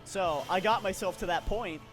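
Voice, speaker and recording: A young man with a fairly high voice tells a rambling, profane story on a casual podcast, stumbling through restarts. Soft music plays faintly behind him. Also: moderate pace. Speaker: podcast co-host.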